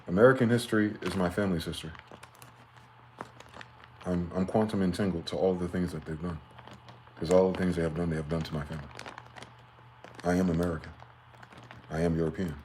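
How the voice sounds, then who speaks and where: A man talking in a rambling, profane late-night monologue, swinging from loud outbursts to low muttering. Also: fairly even intonation, fairly quick, long pauses, reverberant, slight background noise. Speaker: vlogger.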